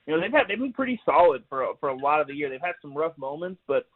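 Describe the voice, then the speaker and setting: A man's voice: on the high side, very animated, quick pace. A man calling in as a guest on a sports radio show, chatty and wry, laughing at his own jokes. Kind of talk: casual sports radio chat. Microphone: phone call. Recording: tinny phone line.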